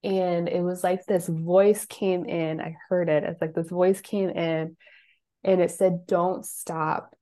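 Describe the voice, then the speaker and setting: A woman in her thirties, a guest on an interview show, telling her life story in a casual, animated way, acting out quotes with lively voices. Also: fairly low pitch, measured pace. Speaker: guest, psychic and life coach.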